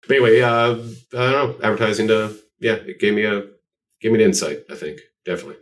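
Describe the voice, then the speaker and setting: Very deep-voiced guy rambling thru stories, self-deprecating, sitting kinda far from the mic. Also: steady tone, quick pace. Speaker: guest artist. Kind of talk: casual podcast interview. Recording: voice distant from the mic.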